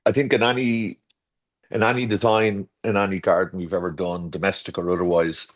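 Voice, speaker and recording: A man's voice: low-pitched, flat delivery, fairly quick. A man from Ireland, a garden designer guest in a casual interview chat, rambling and correcting himself as he tells stories. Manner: rambling and self-correcting, with storytelling asides.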